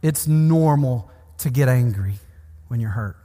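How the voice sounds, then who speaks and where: A man's voice: mid-range voice, unhurried, mellow. A man preaching a sermon in an earnest, pastoral way, building emphasis through repeated phrases. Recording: long hall reverb.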